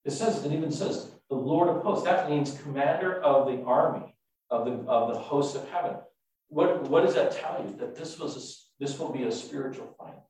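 A man preaching and telling stories in an animated, self-mocking way with halting restarts. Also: a little high. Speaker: preacher and tour guide. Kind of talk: sermon with storytelling. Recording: echoey room, mic far off.

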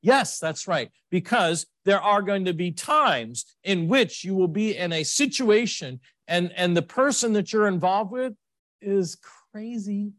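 A man's voice: lively intonation, unhurried, a bit bright, no echo. Emotional preaching man, dry close sound. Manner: emotional, rambling with repeated restarts and sudden pitch swings. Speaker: pastor. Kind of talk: sermon.

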